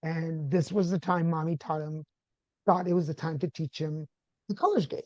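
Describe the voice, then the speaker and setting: Man, from Texas, podcast guest, mellow dark voice, acts out quotes, dry slightly muffled recording. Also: fairly high pitch, normal speed, no room sound. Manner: animated, acts out quoted dialogue. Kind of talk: conversational storytelling.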